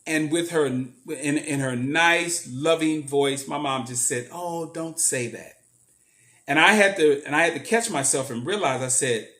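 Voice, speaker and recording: A man's voice: mid-range voice, a bit bright. A middle-aged man earnestly telling a personal story, emphatic and repeating himself for weight. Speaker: motivational speaker.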